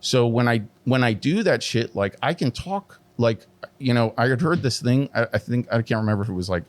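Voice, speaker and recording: A middle-aged man, a tattoo artist guest, telling his story candidly and animatedly, full of swearing and "like" fillers. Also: fairly quick. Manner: heavy swearing, constant "like" fillers; animated, pitch jumps when emphatic.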